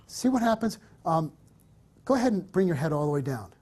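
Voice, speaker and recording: A man's voice: on the high side, sing-song, fairly quick, darkish tone. A man teaching wedding photography on location, directing his subject and explaining to viewers as he moves around a hotel. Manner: coaching, encouraging, talks to camera and subject by turns. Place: hotel interior, on the move.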